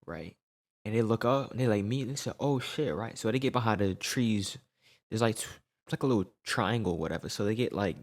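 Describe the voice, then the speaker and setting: Gravelly young man telling a story. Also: sits low. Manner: slangy, animated retelling with frequent "right?" tags. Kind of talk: casual storytime.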